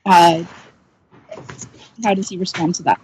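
A woman's voice: lowish voice, steady tone, unhurried, darkish tone, slight background noise, rough recording. A woman playing a character in a tabletop game, asking the game master short, direct questions. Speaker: player. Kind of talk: casual tabletop play.

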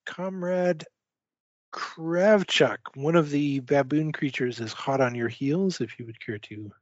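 A man narrating a tabletop game as game master, speaking haltingly with many filler pauses. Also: a little high, no echo. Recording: dull lo-fi dry recording.

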